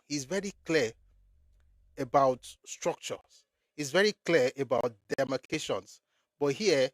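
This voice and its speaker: A man's voice: on the high side, no echo, clean studio sound. A man with a Nigerian accent delivering a blunt, emphatic political commentary monologue, repeating phrases for effect.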